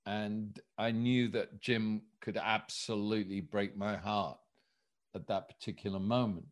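A man's voice: lowish voice, fairly even intonation, a little slow. Man, interview guest, storyteller, acts out dialogue. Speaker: guest, director recalling casting.

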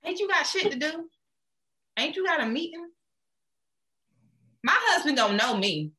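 Brief: woman co-host, high lively voice, blunt, profane, animated chat. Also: a little slow. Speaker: podcast co-host. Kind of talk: casual chat.

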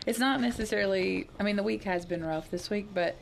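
A woman's voice: mid-range voice, a little fast, creaky, a little hiss or hum. Sleepy-sounding woman co-host. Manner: relaxed, agreeable, sleepy. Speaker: podcast co-host. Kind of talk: casual chat.

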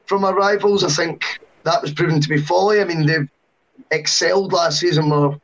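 A man on a football podcast, giving long, animated opinions with self-mocking asides. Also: on the high side, moderate pace. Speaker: podcast panelist. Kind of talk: casual football podcast chat. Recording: dull lo-fi sound.

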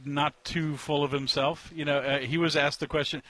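A man talking as a sports columnist in a relaxed conversation, offering candid opinions. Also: on the high side, normal speed. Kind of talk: casual conversation as a guest.

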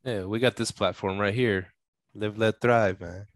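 A man hosting a casual podcast, telling stories in a relaxed way with frequent restarts. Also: lowish voice, a little slow, no room sound. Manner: relaxed storyteller, stumbles and restarts often. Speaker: podcast host.

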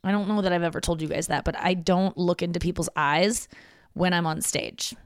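A woman's voice: on the low side, steady tone, brisk, no room sound, clean studio sound. A woman hosting her podcast, talking alone in a loose, candid, yawning ramble with plenty of swearing. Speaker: podcast host. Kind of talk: casual solo monologue.

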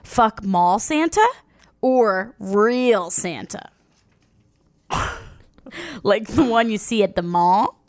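A woman's voice: mid-range voice, drawn-out words, pauses often. A young woman co-hosting a crude comedy podcast, teasing her co-host, laughing often and reading horoscopes aloud. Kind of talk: crude comedic casual chat.

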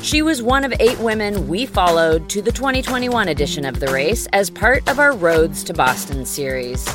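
A woman's voice: mid-range voice, expressive, normal speed, music in the background. A woman in her fifties, host and producer, giving upbeat, welcoming scripted podcast narration. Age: 50s.

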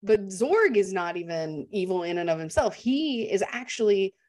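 Woman, podcast co-host, chatty animated movie talk, mid pitch. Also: moderate pace. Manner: chatty and animated, laughs often. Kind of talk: casual movie discussion.

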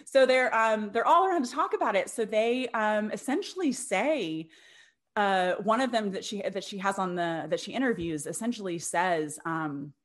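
A woman's voice: mid-range voice, expressive, moderate pace. A young adult woman casually telling a history story to a co-host, chatty, often laughing, with many fillers and restarts.

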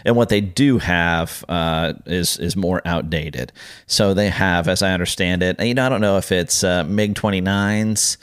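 Deep-voiced and speaking at a moderate pace, this podcast co-host has a fairly bright, clear, resonant tone. He rambles in casual chat with many fillers and restarts. The clean studio sound has no room sound.

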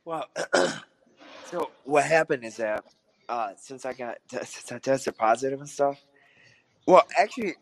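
Man, hoarse, clears throat and coughs, rambling co-host, casual podcast chat. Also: medium pitch, unhurried. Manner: rambling, throws in questions.

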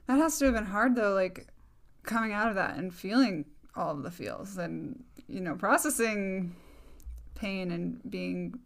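A woman's voice: medium pitch, measured pace, gravelly. A woman host interviewing a guest, asking thoughtful, empathetic questions.

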